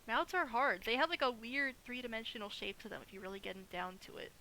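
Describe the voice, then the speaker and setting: A woman joins a stream for casual, upbeat chat, teasing her friend. Her voice is bright and fairly high. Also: fast talker, a little hiss or hum, rough recording. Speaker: guest co-streamer.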